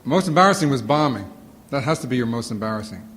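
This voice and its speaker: A man telling comic stories to an audience in animated bursts, with a sore throat and a lozenge in his mouth. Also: medium pitch, quick pace, big-room sound. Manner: animated storytelling, acts out quotes. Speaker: comedian answering audience questions. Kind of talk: casual Q&A talk. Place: auditorium before a live audience.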